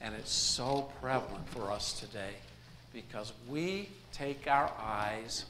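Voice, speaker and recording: A man's voice: medium pitch, slow pace, sharp tone, slight background noise. A man preaching a sermon in a folksy way, mixing jokes into his message to the congregation. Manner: folksy, jokes and laughs between points. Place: church sanctuary. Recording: echoey room, faint ambience.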